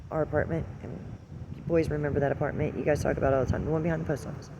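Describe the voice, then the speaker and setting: A woman's voice: sits low, steady tone, racing. A woman in her forties talking in a candid, rambling, heavily profane confessional monologue, recorded with car noise behind. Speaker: vlogger.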